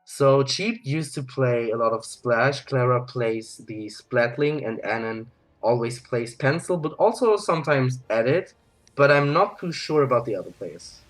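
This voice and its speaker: A man's voice: mid-range voice, animated, unhurried, soft background music, poor audio. A man doing color commentary on a competitive video game match, explaining the players and their strategy. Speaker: co-caster.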